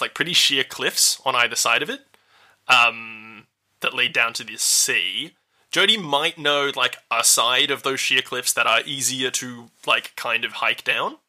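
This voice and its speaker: A man narrating a tabletop game as dungeon master and podcast host, relaxed and chatty with fillers. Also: medium pitch.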